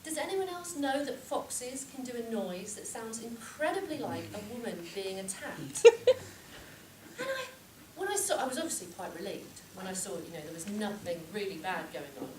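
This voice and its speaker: Woman, comic speech-contest storyteller, lively pitch, miked from far in an echoey, noisy room. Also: normal speed. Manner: animated storytelling with shouted reenactments. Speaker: contest speaker. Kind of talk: humorous speech. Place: club meeting room with audience.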